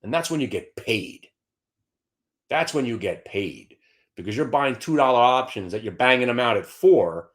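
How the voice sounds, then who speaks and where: Brash man, trading show host, very animated pitch, taunting, swings between muttering and yelling. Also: normal speed. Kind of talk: live trading commentary.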